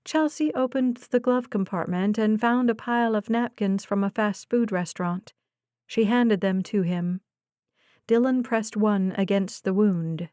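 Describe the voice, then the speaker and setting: A woman narrating a thriller audiobook in a measured, even storytelling manner, recorded in a booth. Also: medium pitch, smooth, no echo, clean studio sound. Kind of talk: scripted narration.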